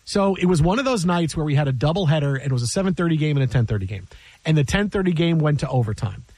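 A man's voice: on the high side, animated, fast talker, darkish tone, no room sound. A man hosting sports radio in a studio, telling a story with lots of energy, acting out quotes and laughing often. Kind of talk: casual sports radio chat. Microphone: studio mic.

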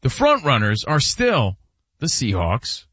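A man's voice: mid-range voice, wildly swooping pitch, slow pace, a bit bright, slightly rough, no echo, highs cut off. A man hosting a sports talk show, leading the segment in a teasing, conversational way.

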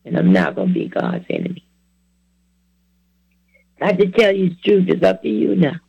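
Gravelly older man preaching testimony. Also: high-pitched, wildly swooping pitch, moderate pace, dark tone, no echo, highs cut off. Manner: repetitive, exhorting, plain-spoken. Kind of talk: earnest testimony sermon.

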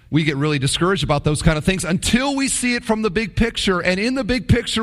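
A man preaching a sermon, retelling Bible stories with animated voicing of the characters' complaints. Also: high voice. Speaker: pastor. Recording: long hall reverb.

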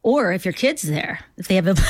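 A woman's voice: mid-range voice, sing-song, moderate pace, no room sound, studio quality. A woman from Minnesota, a comedian guest chatting casually in a rambling, self-deprecating way and slipping into voices. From Minnesota, USA. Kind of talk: casual interview chat.

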